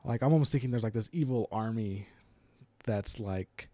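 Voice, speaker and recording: A man's voice: fairly low pitch, normal speed, a little mellow, dry recording. A man chats through a book on a casual podcast, slipping into little quoted voices as he retells scenes. The sound is dry and close, with no room around him. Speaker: podcast co-host.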